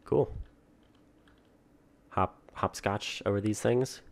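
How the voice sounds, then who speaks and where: A man doing excitable commentary on a video game, reacting aloud with exclamations as he plays. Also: lowish voice, slow, gravelly. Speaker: let's-play gamer.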